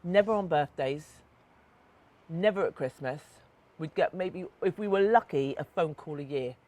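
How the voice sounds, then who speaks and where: A woman's voice: deep voice, a little slow. Blunt, sweary woman telling a story. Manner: blunt, sweary, animated retelling. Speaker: podcast co-host and author. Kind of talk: casual chat, storytelling. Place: back garden outdoors.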